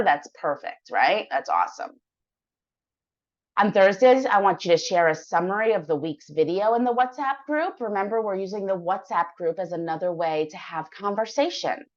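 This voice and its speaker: A woman teaching English online, explaining a weekly practice plan step by step in a clear, encouraging way. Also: on the low side. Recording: dull lo-fi sound.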